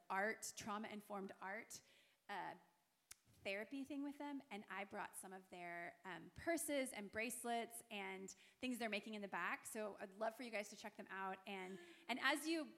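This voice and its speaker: A woman's voice: medium pitch, a bit bright. A middle-aged woman telling a heartfelt story to a church gathering, earnest and full of fillers. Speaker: guest missionary. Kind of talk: church testimony talk.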